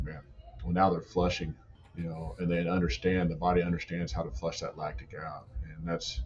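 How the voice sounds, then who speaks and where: In a casual podcast conversation, a football strength and conditioning coach spins lively training stories, his speech thick with "like" and "you know." His voice is low, and the audio is dull with a bit of background noise.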